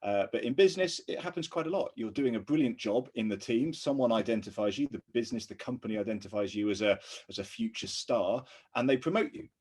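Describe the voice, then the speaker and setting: A man's voice: fairly low pitch, fast, darkish tone, slightly rough. A man co-hosting a podcast, explaining workplace leadership in an earnest, easygoing way that breaks into laughter. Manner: earnest, laughs easily, lots of restarts. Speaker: podcast co-host, ex-army officer. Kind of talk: casual conversational explanation.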